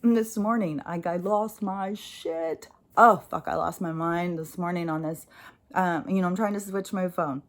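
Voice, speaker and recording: A woman's voice: lowish voice, moderate pace. An American woman talking casually to camera as a spiritual vlogger, swearing freely as she vents and reflects. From United States. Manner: profane, ranting and animated. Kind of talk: casual spoken monologue.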